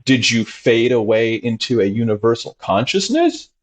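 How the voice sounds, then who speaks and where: A man, a doctor talking as a guest, telling stories animatedly and acting out his patients in sudden high voices. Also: sing-song, moderate pace. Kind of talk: animated conversational storytelling.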